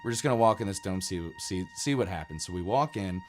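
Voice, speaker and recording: A man's voice: low-pitched, a little fast, soft background music. Chatty man telling a ghost story. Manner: chatty, animated, many fillers and restarts. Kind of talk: casual spoken ghost story.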